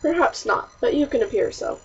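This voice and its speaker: A woman voicing a kind, practical colonial woman who speaks gently and soothingly. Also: high-pitched, expressive, a little fast, husky, full character voice. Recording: distant, muffled audiobook recording.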